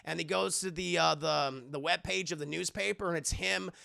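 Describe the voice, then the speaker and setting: A man hosts a casual live review and retells scenes in an animated, profane way. His voice sits high and is heavily gravelly. It has a bright, edgy tone. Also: a little fast. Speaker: streamer and show reviewer.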